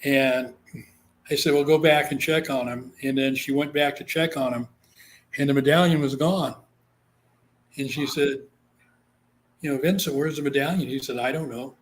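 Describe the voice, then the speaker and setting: A man from Guam, talking as a guest on an interview show at a middling pitch. He tells a long story in a loose, chatty way, drops "you know" often and slips into the voices of the people he quotes. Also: fairly even intonation, moderate pace, long pauses, slight background noise. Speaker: psychic medium, interview guest.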